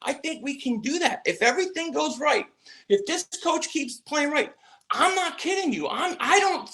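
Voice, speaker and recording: Man, high voice, excitable livestream host, stumbling restarts, chatting with viewers. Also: normal speed. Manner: reads out and answers viewer chat. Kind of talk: casual livestream chat.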